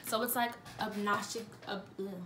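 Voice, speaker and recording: A woman's voice: medium pitch, flat delivery, moderate pace, noisy background. Chatty young woman vlogging in an echoey room. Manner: chatty, upbeat, addresses viewers as y'all. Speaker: beauty vlogger. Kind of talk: casual vlog talk to viewers.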